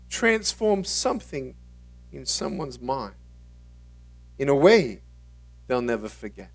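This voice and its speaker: A motivational speaker at a conference, telling his own story in an animated way and acting out the dialogue. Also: medium pitch, slow, pauses often, recorded from a distance. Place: conference stage.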